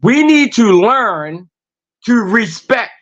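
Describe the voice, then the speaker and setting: High-voiced man ranting in heated slang. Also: sing-song, slow pace, fairly bright tone, muffled recording. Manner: profane, confrontational, repeating rhetorical questions. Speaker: podcast host.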